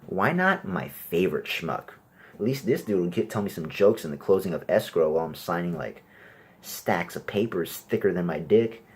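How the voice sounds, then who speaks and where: Brash, husky young man doing crude stand-up. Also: low-pitched, very animated, normal speed. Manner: crude, brash, acts out exchanges in raised voices. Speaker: amateur stand-up comedian. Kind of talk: stand-up comedy set.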